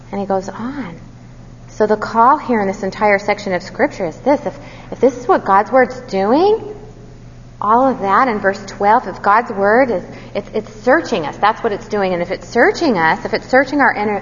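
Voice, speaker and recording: A woman teaches from Scripture in an earnest, questioning way. Her voice carries a long reverb, as if the room is large, and the sound is slightly dull, with a faint hum underneath. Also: medium pitch. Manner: earnest, questioning the listeners, self-deprecating asides. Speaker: Bible teacher. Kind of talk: Bible teaching talk.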